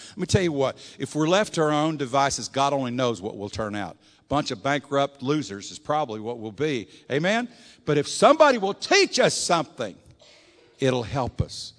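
An older man preaching a sermon, telling folksy stories and swinging between loud and soft. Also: medium pitch, sing-song, moderate pace. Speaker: pastor. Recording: long echoing hall reverb.

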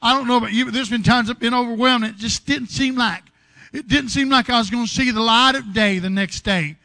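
A man preaching in a high, bright voice. He tells homely stories from his own life, then lifts them into fervent preaching. The sound is close and dry. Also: brisk, no room sound. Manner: folksy storytelling, rising to fervent preaching. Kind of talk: sermon with personal stories.

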